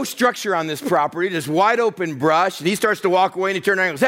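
Animated pastor telling a story. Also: male voice, high voice, quick pace, hardly any pauses. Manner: animated storytelling, acting out voices of others. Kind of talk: sermon with personal story.

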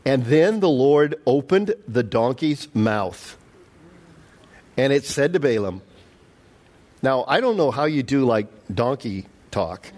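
A middle-aged male pastor preaching a sermon, animated and storytelling, acting out the quotes. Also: medium pitch, measured pace, slight background noise.

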